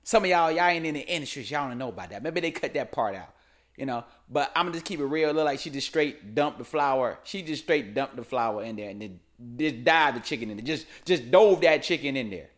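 A man's voice: mid-range voice, a little fast. A young man hosting a comedic commentary show, ranting loosely in slangy casual speech. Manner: animated, slangy, keeps saying "man".

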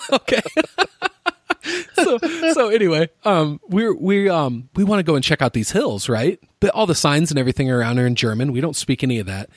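A man's voice: on the high side, lively intonation, a little fast, dry recording, studio quality. A young man telling a travel story in casual chat, rambling and swearing, laughing often. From United States. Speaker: podcast co-host.

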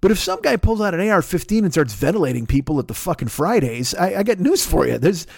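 A man's voice: high voice, very animated, fast talker, creaky. A man hosting a comedy podcast, ranting with sarcasm and heavy swearing and acting out other people in put-on voices. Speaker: podcast host. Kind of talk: profane comedic rant.

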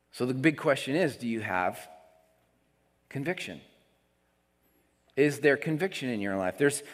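A man preaching a sermon as pastor of his church, talking casually with the congregation. He drops into soft asides and then rises on emphatic statements. His voice rings with the long reverb of the sanctuary. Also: a little high. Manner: conversational preaching, swings between soft asides and emphatic lines.

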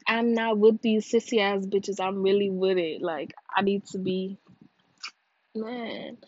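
A young woman from California hosting a casual gossip podcast on her own, rambling and cursing freely while high and sleepy, her voice swinging between loud bursts and low mumbles. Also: little pitch movement, normal speed, no echo. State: high and drowsy. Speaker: podcast host. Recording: dull dry lo-fi sound.

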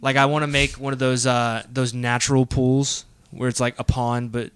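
Rambling through casual chat as a podcast co-host, a young man fills his talk with fillers and restarts. His mid-range voice shows little pitch movement at normal speed, sounding a bit bright and clean, with no echo.

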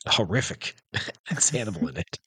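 A man's voice: on the low side, moderate pace, breathy edge, no echo, clean studio sound. A man in his thirties co-hosting a casual podcast, telling stories with lots of laughter and acted-out quotes. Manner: animated storyteller, acts out quotes, laughs often. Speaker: podcast co-host. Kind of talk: casual chat.

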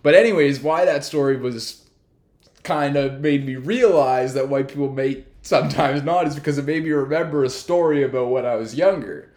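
A man's voice: medium pitch, moderate pace, darkish tone, roomy sound. A young man from New Brunswick telling a long casual story, rambling with lots of fillers. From New Brunswick, Canada.

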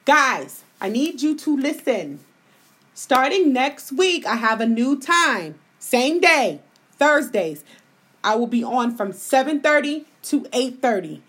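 A woman's voice: sits high, big pitch swings, measured pace, a bit bright, husky. A woman hosting a live podcast, venting her opinions bluntly and with a lot of profanity. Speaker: podcast host.

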